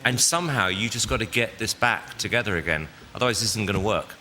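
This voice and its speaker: A man's voice: fairly low pitch, fast talker, pushed and bright, long reverb tail, a little hiss or hum. A man judging a talent show, giving blunt and frank criticism in a large TV studio with an audience. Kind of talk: live TV critique.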